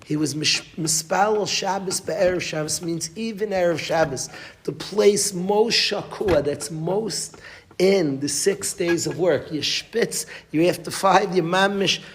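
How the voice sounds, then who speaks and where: Rabbi, male, teaching a Torah class. Emphatic, repeats phrases, slightly high voice, faint background hiss. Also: measured pace. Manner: emphatic, repeats phrases, restarts mid-sentence. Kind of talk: Torah class with Yiddish and Hebrew terms.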